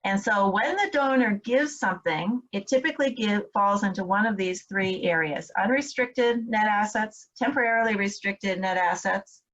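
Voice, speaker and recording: A woman's voice: medium pitch, moderate pace, few pauses, fairly bright tone, dull audio. A woman instructor giving a recorded training lecture, explaining step by step with frequent fillers and check-ins with her listeners. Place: home, in Michigan.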